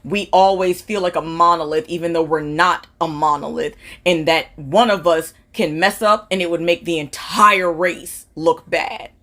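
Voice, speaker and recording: A woman's voice: on the low side, steady tone, moderate pace, few pauses, a bit bright. A woman talking conversationally to camera, posing a question to her viewers. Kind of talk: social media video question.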